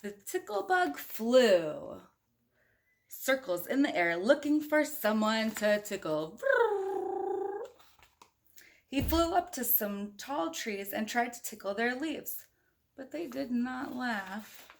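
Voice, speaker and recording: A woman reads a children's picture book aloud and chats with the listeners between pages. She sounds playful and a bit high-voiced, with noticeable vocal fry. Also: very animated, takes it slowly. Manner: playful, chatty, talks to listeners. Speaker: storybook reader. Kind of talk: children's read-aloud with chatty asides.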